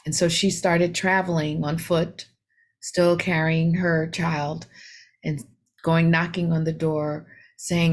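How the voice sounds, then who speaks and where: A woman's voice: low voice, little pitch movement, takes it slowly. A woman meditation teacher giving a reflective dharma talk, retelling a story with many fillers, self-corrections and rhetorical questions.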